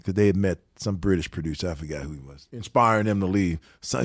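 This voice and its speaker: A man's voice: deep voice, fast talker, few pauses, no echo, clean studio sound. An older man, a musician, telling stories in a casual interview, quoting people and laughing often. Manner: animated storyteller, quotes people, laughs often.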